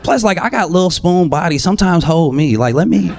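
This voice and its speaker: A man doing a profane, animated stand-up set in a live comedy club, acting out voices in his stories. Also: a little high, brisk, a little hiss or hum. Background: audience laughter.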